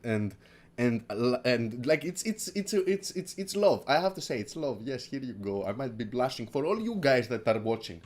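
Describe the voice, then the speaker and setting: A man hosting a casual crypto livestream who rambles, repeats his words, swears and laughs a lot, from Greece. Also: medium pitch. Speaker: crypto stream host.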